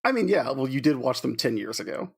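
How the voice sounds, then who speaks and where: A man's voice: mid-range voice, big pitch swings, quick pace, creaky, slightly rough. A man with a Southern US accent co-hosting a podcast in casual chat, teasing and giggly. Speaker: podcast co-host.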